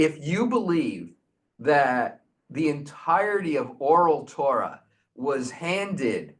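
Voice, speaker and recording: A man hosting and teaching, retelling a Talmudic tale as an animated storyteller. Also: on the high side. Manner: animated storyteller, frequent restarts.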